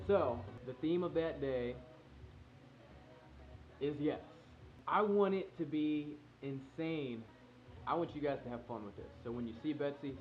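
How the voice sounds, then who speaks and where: A young man talking to camera in an earnest, excited way, explaining a plan to his friends. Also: a little high, narrow, tinny audio. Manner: earnest and excited, reads a heartfelt letter softly. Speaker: vlogger planning a proposal. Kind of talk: casual direct-to-camera talk.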